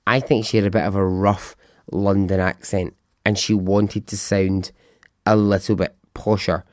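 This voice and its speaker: Man, podcast host, slow unhurried delivery, lowish voice, chatty and musing, swears casually. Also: no echo, studio quality. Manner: chatty and musing, asks himself questions, swears freely. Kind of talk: casual true-crime storytelling.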